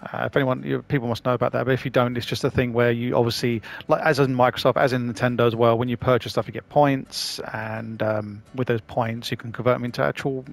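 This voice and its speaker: A man's voice: medium pitch, flat delivery, fast, gravelly, few pauses. A man casually commenting on a video game he is playing for the first time, chatty and rambling. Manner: chatty, rambling, self-deprecating. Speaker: gaming channel host.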